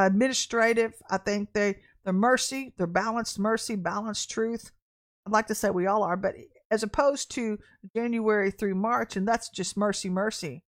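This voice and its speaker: A middle-aged woman hosting a livestreamed prophetic podcast, talking bluntly and animatedly, laughing at herself and repeating phrases for emphasis. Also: mid-range voice.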